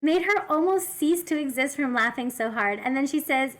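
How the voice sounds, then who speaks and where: A woman VTuber reading Reddit posts aloud and commenting on them in a giggly, animated way. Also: high voice, moderate pace, hardly any pauses. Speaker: VTuber streamer.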